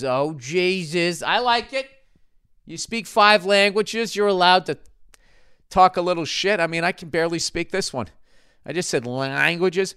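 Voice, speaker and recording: A man's voice: sits high, unhurried, sharp tone, clean tone, dry recording, clean studio sound. A man hosting a podcast, reading an ad and listener mail in a profane, rambling, sarcastic way. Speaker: podcast host. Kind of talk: casual comedic rant and ad read.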